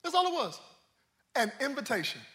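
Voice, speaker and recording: A man preaching a sermon, calling out to the congregation and swinging from hushed, low asides to shouted climaxes. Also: big pitch swings, brisk. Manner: preaching with call-and-response, swinging from quiet to shouting. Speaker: pastor.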